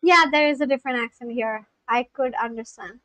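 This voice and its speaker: A woman's voice: on the high side, brisk, bright, forceful tone, dry recording, low-quality recording. A woman, chatting casually on a live stream from home and reacting aloud to clips and viewer messages. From India. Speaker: language-learning livestreamer.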